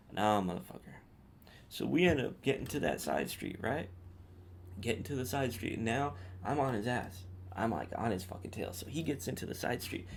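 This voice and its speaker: A man's voice: mid-range voice, creaky, a little hiss or hum. A man hosting a podcast, telling a personal story in a casual, profane, slangy way. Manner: profane, street slang, animated retelling. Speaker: podcast host.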